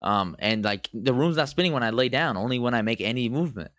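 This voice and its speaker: A young man co-hosting a podcast, telling a story in casual chat, animated and swearing freely as he acts out scenes. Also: mid-range voice, quick pace, no echo. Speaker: podcast co-host.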